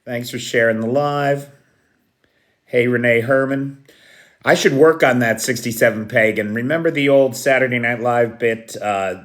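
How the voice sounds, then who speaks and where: A man's voice: medium pitch, a little slow, fairly bright tone. A man hosting a casual live stream, greeting viewers by name and chuckling at his own jokes. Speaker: livestream host. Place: Kyiv.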